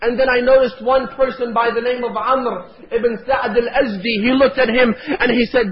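A man with a strikingly high voice delivers a narrative sermon, impassioned and pleading, pushing toward near-shouts. The recording is dull and lo-fi. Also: fairly even intonation, normal speed, few pauses, crowd noise. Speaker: preacher.

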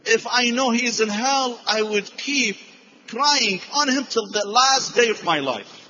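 A man voicing a grieving mother who pleads fervently, loud and impassioned. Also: animated, unhurried, dull audio, slight background noise, exaggerated voice. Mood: pleading. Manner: impassioned, loud and high-pitched.

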